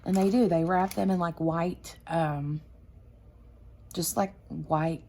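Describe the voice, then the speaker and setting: A woman's voice: fairly low pitch, fairly even intonation, takes it slowly, dark tone, a little hiss or hum. A woman hosting a craft channel, chatting casually and rambling with lots of fillers. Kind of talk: casual chat.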